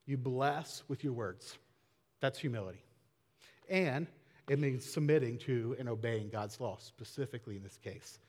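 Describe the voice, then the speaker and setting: A man preaching a casual, conversational sermon, asking rhetorical questions with small laughs. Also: medium pitch. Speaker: pastor. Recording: long hall reverb.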